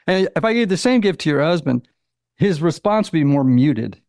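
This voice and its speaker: A man in his sixties with a gravelly, slightly raised voice tells stories in a relaxed interview. He acts out little quotes and leans on "you know" as he talks, recorded close and dry with no room sound. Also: a little high, normal speed, no echo. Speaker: author and psychotherapist, guest. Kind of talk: conversational interview.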